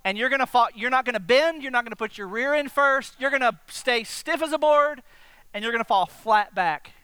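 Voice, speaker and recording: A man preaching a sermon to his congregation, animated and direct, often asking them questions. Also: very high voice, fairly quick, smooth, no echo. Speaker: pastor.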